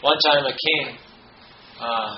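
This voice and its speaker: A man's voice: medium pitch, slow pace. A man giving a spiritual talk, reading quotes emphatically and telling a parable with hesitant fillers, in a roomy, dull recording with noise behind. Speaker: spiritual speaker. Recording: roomy, dull, noisy ambience.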